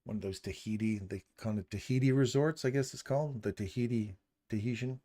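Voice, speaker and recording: A man's voice: fairly low pitch, brisk, warm tone. A middle-aged man hosting a live stream, chatting casually in a jokey, rambling, self-deprecating way. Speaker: livestream host.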